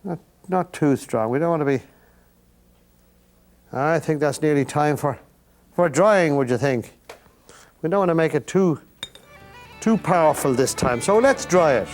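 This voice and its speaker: A man's voice: on the high side, expressive, a little slow, long pauses, darkish tone, soft background music. An older Irish man hosting a painting lesson, chatting to the viewer in rambling, folksy asides while he works. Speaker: painting instructor and host.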